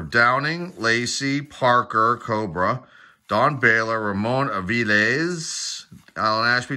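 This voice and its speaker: A man's voice: mid-range voice, sharp tone. A middle-aged man opening packs of baseball cards, reading player names off one by one and adding casual asides. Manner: rattles off player names in a quick list, with asides. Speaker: card collector opening packs. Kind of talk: casual pack-opening commentary.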